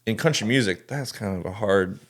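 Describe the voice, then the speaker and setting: Low-voiced man in earnest podcast chat. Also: brisk. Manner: restarts sentences often, earnest and driven. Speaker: tour photographer and videographer.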